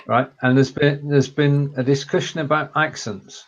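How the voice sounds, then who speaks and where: Co-host and historian, northern English man with a blended Lancashire-Cumbrian accent, measured and explanatory, slightly muffled sound. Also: on the high side, steady tone. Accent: mixed northern English, Lancashire and Cumbrian. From Lancashire and Cumbria, England. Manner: measured, explanatory, reads out viewer comments. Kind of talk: casual chat on a live video show.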